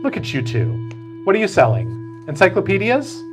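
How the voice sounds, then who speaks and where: Man doing a bright, welcoming grandmotherly lady in a storybook reading; sing-song and cheery, music under it. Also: high voice, huge pitch swings, moderate pace, voice pushed up. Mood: cheerful. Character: cheerful kindly older woman, tall and heavy-set.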